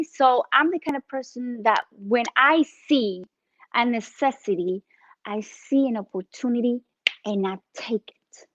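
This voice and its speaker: A woman in her thirties with a Spanish accent, an entrepreneur guest telling her story with animated energy in a casual interview. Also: a little high, a little slow, dull audio, slight background noise. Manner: animated, acts out phone calls in her story.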